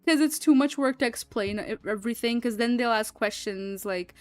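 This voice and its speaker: A woman's voice: a little high, normal speed, few pauses, no room sound, faint music behind. A young woman streaming, chatting casually and rambling with lots of fillers and frequent laughs. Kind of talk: casual livestream chat.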